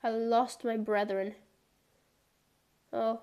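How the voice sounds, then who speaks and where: A woman's voice: a little high, slow, long pauses, a little mellow. A young woman streaming a game, chatting casually in a rambling way full of filler words, playful and given to mock-dramatic outbursts. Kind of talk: casual gameplay chat.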